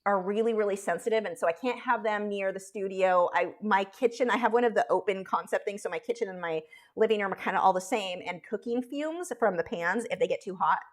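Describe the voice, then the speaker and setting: A woman's voice: mid-range voice, fairly quick. Chatty woman artist streaming live. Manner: chatty, rambling, self-deprecating, many restarts. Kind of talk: casual live-stream chat while drawing.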